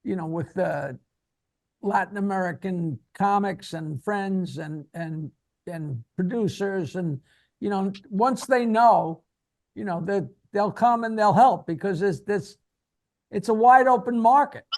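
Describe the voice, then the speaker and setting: A man with a high voice co-hosts a podcast. He gives advice in a loose, rambling way, padding it with fillers and restarts. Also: measured pace. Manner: rambling advice full of "you know" and restarts. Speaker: podcast co-host. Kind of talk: podcast interview.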